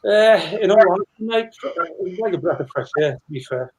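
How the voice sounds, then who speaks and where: Rambling middle-aged man, slightly high voice. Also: expressive, a little fast, darkish tone, husky, rough recording. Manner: rambling anecdotal, frequent restarts and fillers. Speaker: former footballer guest. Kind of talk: casual storytelling chat.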